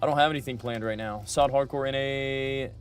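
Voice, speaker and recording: A man's voice: medium pitch, fairly even intonation, a little fast, faint music behind. Chatty male streamer talking to chat. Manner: chatty, talks back to chat, repeats himself. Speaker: livestreamer playing a game. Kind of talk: casual livestream chat.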